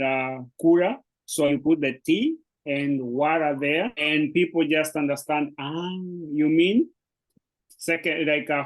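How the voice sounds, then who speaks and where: On a poor-quality recording, a fairly high-pitched male Swahili teacher explains an online language lesson. He's a native speaker teaching in English, and his delivery is hesitant, with lots of fillers and restarts.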